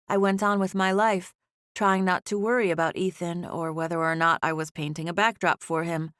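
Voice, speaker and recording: A woman reads a first-person audiobook in an even, conversational way. Her voice is lowish, and the studio recording is close and dry with no room sound. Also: moderate pace, dry recording. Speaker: audiobook narrator. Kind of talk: first-person scripted narration.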